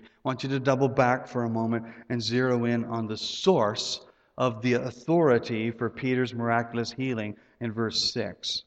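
A man preaching a sermon as pastor, conversational, repeating words, with sudden rises in pitch. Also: little pitch movement, moderate pace. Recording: muffled sound with long hall reverb.

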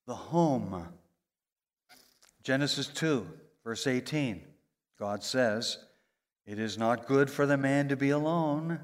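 A man preaching in an animated sermon, his voice swinging between loud high emphasis and low quiet asides. His voice carries a long reverb from a large hall. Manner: animated preaching, voice rising and falling sharply for emphasis.

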